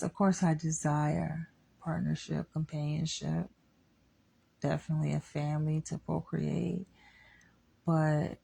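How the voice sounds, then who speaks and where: A woman's voice: low voice, vocal fry, mellow, slightly rough. A young adult woman giving a blunt, candid monologue to her audience, swearing freely as she states her opinions. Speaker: vlogger.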